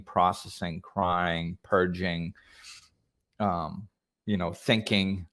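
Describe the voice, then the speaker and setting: Deep-voiced reflective male podcast host. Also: fairly bright tone. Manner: thoughtful, hesitant, many fillers and restarts. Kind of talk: reflective conversational talk.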